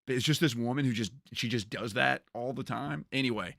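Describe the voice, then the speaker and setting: A man's voice: medium pitch, brisk, vocal fry, a bit bright, dry recording, studio quality. A man streaming a game, chatting casually and telling funny stories he often laughs through. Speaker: gaming streamer. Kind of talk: casual storytelling while playing a game.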